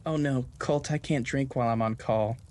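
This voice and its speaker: A man voicing a gentle, cautious young female nurse in a spoken audio drama, with a soft, nervous delivery. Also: medium pitch, normal speed, lightly acted. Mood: worried.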